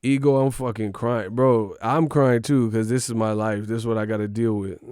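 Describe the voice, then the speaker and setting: A man delivering a profane comedic rant, swinging between loud outbursts and hushed whispers. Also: fairly low pitch, steady tone, normal speed, hardly any pauses, smooth, no echo, studio quality.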